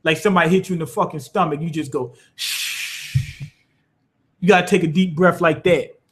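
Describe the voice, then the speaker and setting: A man's voice: on the high side, steady tone, quick pace. A man recapping an anime episode in loose, profane casual talk, acting out moves as he explains them. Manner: loose and profane, demonstrating with gestures. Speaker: anime reviewer. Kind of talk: casual spoken episode review.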